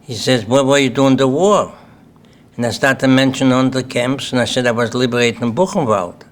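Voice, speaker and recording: A man's voice: medium pitch, moderate pace. Older man with a Lithuanian accent. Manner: plain-spoken, repeats "okay?" to the audience. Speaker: Holocaust survivor speaker. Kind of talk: personal testimony talk. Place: symposium hall.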